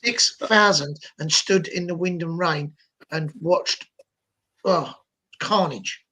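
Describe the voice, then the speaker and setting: A man's voice: a little high, slow, sharp tone, slight background noise. A man ranting animatedly and indignantly about football on a casual podcast. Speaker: podcast guest.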